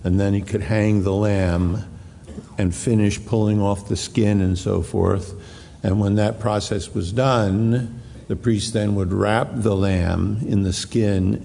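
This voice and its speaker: Male pastor, sermon, dark gravelly voice, deliberate emphatic delivery. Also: sits low, slight background noise. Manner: slow, deliberate preaching with emphatic repeated phrases. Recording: long hall reverb.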